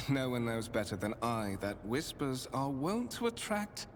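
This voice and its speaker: An actor playing a courtly, calculating male spymaster in a video game, speaking with formal, measured and faintly menacing courtesy. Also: mid-range voice, very animated, slight background noise. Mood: grave. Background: game music.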